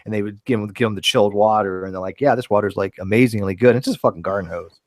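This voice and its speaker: A man from the United States chatting on an online call, quick and jokey, dropping the odd swear. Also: fairly low pitch, no echo, clean studio sound. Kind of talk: casual group chat.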